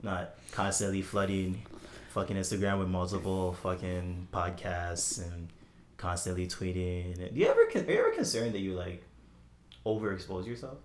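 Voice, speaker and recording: A man's voice: low voice, animated, normal speed, slight background noise. A young man co-hosting a podcast in casual chat, laid-back and swearing easily. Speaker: podcast co-host.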